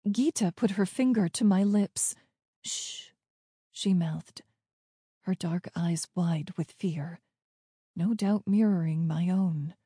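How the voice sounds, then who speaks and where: Female narrator, warm low-lit tone, tense hushed storytelling, dry booth sound. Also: slow pace, slightly rough, dry recording. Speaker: audiobook narrator. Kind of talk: scripted first-person story narration.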